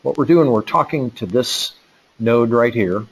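A man's voice: mid-range voice, unhurried, slightly rough, low-quality recording. A man presenting a technical webinar, walking through a live demo in a casual way with lots of fillers and restarts. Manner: casual, thinks aloud with many fillers. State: out of breath.

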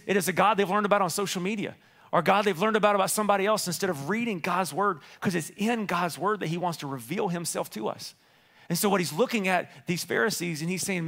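A male pastor preaching a sermon, with a high voice. He is animated and playful and acts out voices in the stories he tells. He often turns loud and quick for a punchline.

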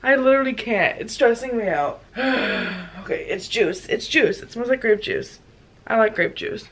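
Croaky-voiced sick young woman vlogging. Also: on the high side, animated, moderate pace, a little hiss or hum, low-quality recording. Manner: chatty, self-mocking, frequent laughs. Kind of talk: casual vlog chat. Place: car and home.

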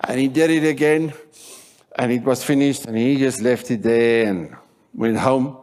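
A South African man preaching a sermon in church, telling stories with animated acted-out voices and shouting for emphasis. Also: mid-range voice, a little slow. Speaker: pastor.

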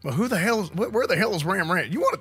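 A man's voice: sits high, animated, racing, sharp tone, husky, voice pushed up, heavily acted. A man doing a drawling retired country sheriff. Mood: gruff. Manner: drawling, bossy, repeats 'son'. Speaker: streamer. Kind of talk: GTA role-play.

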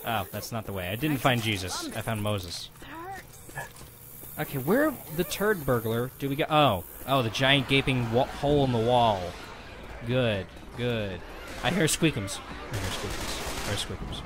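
A man's voice: mid-range voice, animated, normal speed, noisy background. A man hosting a gameplay video, chatting casually and cracking goofy jokes as he plays. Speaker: gaming channel host.

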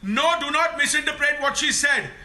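Very high, bright-voiced man. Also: normal speed. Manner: indignant, pushes back. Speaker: debate panelist. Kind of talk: TV debate argument.

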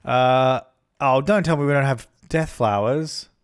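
Speaking at a measured pace in a clear, resonant, medium-pitched voice, a young gaming YouTuber offers easygoing let's-play commentary. He chats as he plays, frequently self-corrects, and often gives his characters voices.

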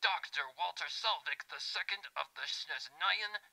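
A man voicing an excitable young male scientist who proudly records his own success. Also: fairly high pitch, moderate pace, gravelly, no room sound, pitched above the performer's own voice, exaggerated voice, rough recording. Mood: excited, proud. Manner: eager, proud, declaiming.

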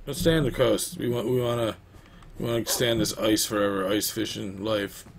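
A man's voice: fairly low pitch, fairly even intonation, fairly quick, creaky, slight background noise. A young man giving rambling, casual commentary while playing a game, talking to the dog in it. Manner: chatty, rambling, talks to his dog. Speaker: gaming YouTuber. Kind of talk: casual let's-play commentary.

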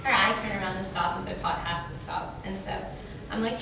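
Woman, panel guest, animated storyteller, roomy hall, distant mic, audience chatter behind. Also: fast, vocal fry. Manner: animated, acts out quotes in high voices, laughs often. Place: convention panel room. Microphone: recorded by a camera in the audience. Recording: roomy hall from far off with crowd noise. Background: audience ambience.

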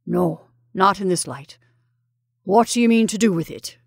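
A woman voicing a gruff, blunt older male army colonel. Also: lowish voice, measured pace, no echo, studio quality, heavily acted.

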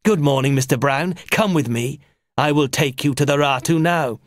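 A man's voice: a little high, normal speed, dry recording, clean studio sound, voice pushed up, natural voice. A man voicing a hearty, welcoming village uncle in an audiobook story.

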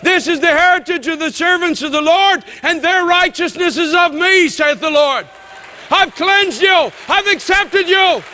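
Preaching a sermon with fervent, shouted conviction, a male pastor has a very high, bright voice that rings out with long reverb through a large church. He speaks unhurriedly, with some chatter behind him and slight background noise.

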